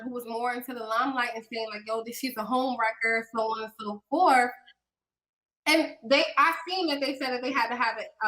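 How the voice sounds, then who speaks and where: A woman's voice: fairly high pitch, sharp tone, rough recording. A woman hosting a podcast in casual chat, talking loosely with many ums and restarts. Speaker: podcast host.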